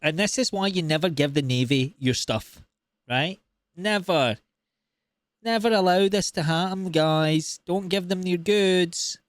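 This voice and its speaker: A man hosting a reaction video, talking in an animated, incredulous way and swearing freely. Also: sits high, measured pace, no echo, clean studio sound. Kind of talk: casual reaction commentary.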